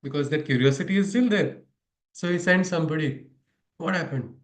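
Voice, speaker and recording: A man's voice: on the high side, brisk. A man giving a spiritual lesson, telling stories, often chuckling and asking his audience questions. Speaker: spiritual teacher. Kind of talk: storytelling spiritual lecture. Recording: echoey room.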